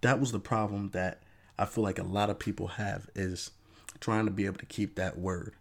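A man hosting a podcast, talking through his take in a casual, animated monologue with lots of "you know" asides. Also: normal speed, vocal fry. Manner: animated, acts out fans' voices in a raised pitch. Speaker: podcast host.

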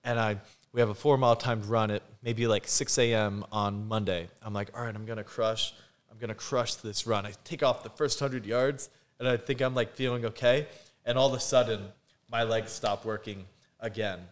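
A man's voice: fairly low pitch, moderate pace. A man, a podcast guest, telling a personal story in casual chat, acting out what people said and laughing often. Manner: animated, acts out quotes, laughs often.

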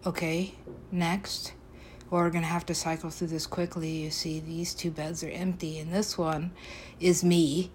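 A woman vlogging in rambling self-talk, shifting between hushed whispers and louder playful back-and-forth lines, as if arguing with herself. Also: on the low side, unhurried, a little hiss or hum.

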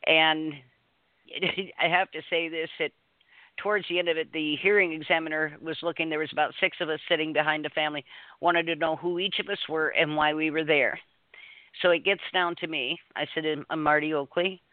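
A woman's voice: sits low, fairly even intonation, normal speed, dry recording. A woman co-hosting a talk radio show, telling a story in an earnest, rambling way with many restarts. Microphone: phone call. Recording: dry, tinny phone line.

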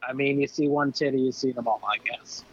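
A man's voice: mid-range voice, fairly even intonation, brisk, slightly rough. A man telling rambling, slangy stories as a guest on a casual podcast, full of fillers. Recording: dull lo-fi podcast recording.

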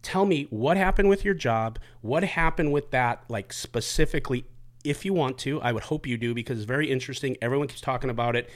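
A man's voice: medium pitch, brisk. A middle-aged man hosting a podcast, joking and swearing, with long rambling lead-ins to his questions. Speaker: podcast host. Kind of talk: casual podcast chat.

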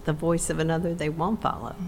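A woman's voice: low voice, level tone, quick pace, background noise. A woman in a faith discussion, speaking earnestly and affirming the others.

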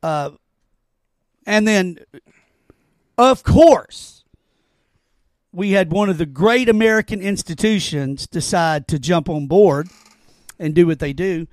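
A man hosting a casual podcast chat, talking in an animated, excitable way and stammering when he makes a point. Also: high-pitched, slow pace, pauses often, no echo. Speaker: podcast host.

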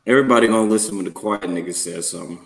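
A man's voice: lowish voice, racing, gravelly. A man hosting a podcast, laid-back and amused while recapping in casual chat. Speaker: podcast host. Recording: echoey room.

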